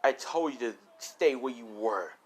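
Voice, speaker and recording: A man's voice: mid-range voice, animated, unhurried, slightly rough. Man voicing a cruel, volatile slave-owning woman. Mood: cold. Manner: switches from sugary to cold. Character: cruel female slave owner, adult, volatile.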